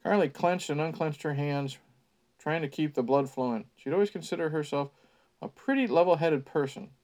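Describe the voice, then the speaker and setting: A man's voice: a little high, moderate pace, a little mellow. A man hosting a podcast, reading a book aloud with sarcastic, mocking asides. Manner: wry, mocking asides between passages.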